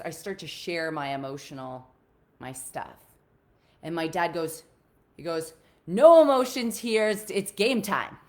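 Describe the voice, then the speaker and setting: A woman relationship coach telling a personal story to listeners on a live call, in an earnest, confiding way that speaks straight to them. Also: low voice. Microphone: video call.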